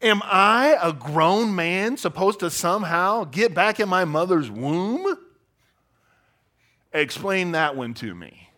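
A scornful, incredulous scholar rolls out each question with sarcasm, as a man puts him on. The voice climbs higher than the speaker's usual and comes out louder, full of mock disbelief. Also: lively intonation, takes it slowly, exaggerated voice. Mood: sarcastic. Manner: mocking, exaggerated disbelief.

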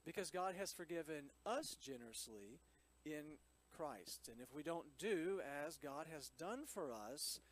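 A man's voice: fairly high pitch, expressive, measured pace, rough recording. A man reading scripture aloud and explaining it in a chatty teaching style, with frequent asides to his listeners. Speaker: Bible teacher.

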